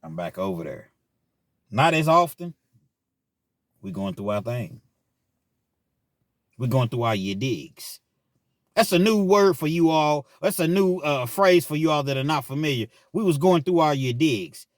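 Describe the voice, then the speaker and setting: Slangy storyteller, male vlog host, a bit high, in a dry close sound. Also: sing-song, unhurried, long pauses, no room sound. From Kentucky, US. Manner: casual, slangy, conversational storytelling. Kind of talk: personal storytelling to camera.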